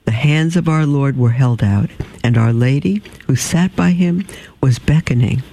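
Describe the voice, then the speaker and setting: A man reading a storybook aloud at an unhurried, measured pace. His voice is dark and mellow with a gravelly, creaky texture, and he now and then clears his throat or trips over a word. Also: medium pitch, low-quality recording.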